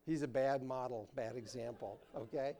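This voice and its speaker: A man preaching a sermon to his congregation with animated emphasis, asking questions and answering them himself. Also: medium pitch, moderate pace. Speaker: pastor. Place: church sanctuary.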